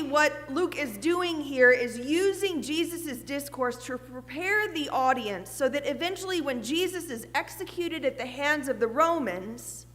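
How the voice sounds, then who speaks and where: A woman pastor preaches in a high, clear voice that rings through the church sanctuary with a long reverb. Earnest in tone, she asks rhetorical questions and at times drops to a near hush.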